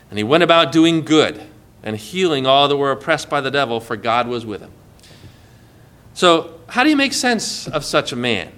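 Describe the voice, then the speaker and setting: A man preaching a sermon in an earnest way, often dropping soft and low as he quotes.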